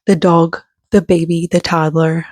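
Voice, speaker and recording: Woman in her thirties, slightly breathless, rambling self-deprecating chat, low-pitched, dry room. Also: level tone, unhurried, a little mellow, no echo. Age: 30s. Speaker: book vlogger. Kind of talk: casual chat. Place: bedroom floor.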